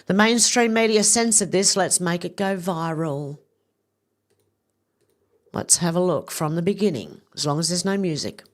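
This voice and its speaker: A woman's voice: lowish voice, moderate pace. A woman, giving casual, opinionated commentary with rambling asides. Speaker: video commentator. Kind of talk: casual commentary reading out social posts.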